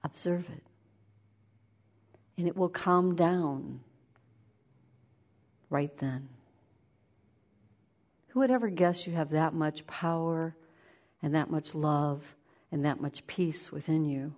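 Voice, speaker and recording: A woman giving a spiritual talk, shifting between lively play-acting of inner voices and slow, hushed guidance. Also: low-pitched. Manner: animated, acts out inner voices with laughter; slows into soft, hushed guidance. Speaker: spiritual teacher.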